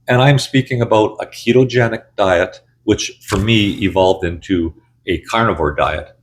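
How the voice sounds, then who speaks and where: A man's voice: on the low side, moderate pace, a little hiss or hum. A man in his sixties telling his own story to camera in a candid, blunt, conversational way. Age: 60s. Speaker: channel host. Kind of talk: casual personal storytelling.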